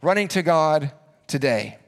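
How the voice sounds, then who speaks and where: A man preaching a sermon as pastor, earnest, slowing down to repeat key phrases for emphasis. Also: fairly high pitch, expressive, gravelly.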